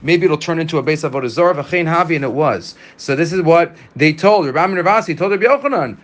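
Man giving a lively Talmud class. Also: fairly high pitch, fast, few pauses. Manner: reads Aramaic lines then explains them in English, with many restarts. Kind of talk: casual Talmud lesson.

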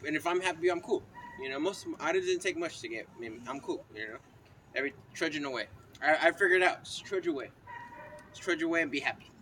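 A man's voice: fairly high pitch, lively intonation, fast, bright, forceful tone, slight background noise. A man chatting casually in a car, rambling and swearing in a laid-back way. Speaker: podcast co-host. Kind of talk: casual chat.

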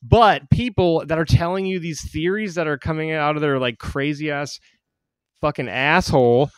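Brief: male comedy podcast co-host, loud and animated, slightly raised pitch. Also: normal speed, clear, resonant tone, dry recording. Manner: loud, animated, jumps into shouted silly voices. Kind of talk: crude comedic podcast banter.

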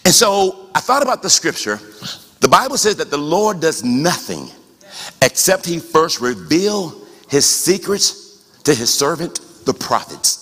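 A man preaching a sermon as pastor, talking conversationally with rhetorical questions and rising to shouts. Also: on the high side, very animated, unhurried, slightly rough, in a large hall.

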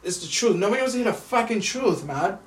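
A man's voice: high-pitched, expressive, quick pace, recorded from a distance. Frustrated man ranting in an echoey room. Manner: frustrated, swearing, repeats himself. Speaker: vlogger. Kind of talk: venting rant to camera. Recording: roomy echo, away from the mic.

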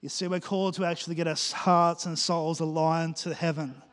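A male pastor, preaching a lively sermon and joking as he acts out little scenes for the congregation. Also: a little high, brisk, smooth. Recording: reverberant church hall.

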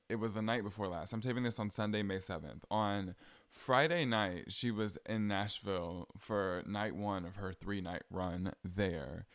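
A man's voice: fairly low pitch, fairly bright tone, dry recording, clean studio sound. A young man with a Southern accent, chatting casually on his solo podcast with frequent ums and likes. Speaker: podcast host.

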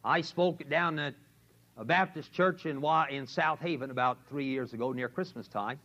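A man's voice: a little high, moderate pace, fairly bright tone. An older man preaching a sermon to a men's class, emphatic and repetitive, often asking his listeners "see?". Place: college classroom. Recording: lo-fi 1970s tape recording.

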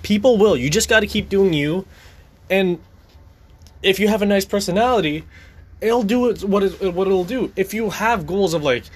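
A man's voice: high voice, moderate pace. Profane, fired-up young man ranting. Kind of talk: casual rant.

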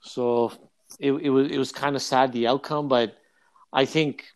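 A man's voice: mid-range voice, unhurried. A man, a comedian, telling jokey stories in a casual chat with a friend, full of restarts and asides. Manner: animated, jokey, frequent restarts.

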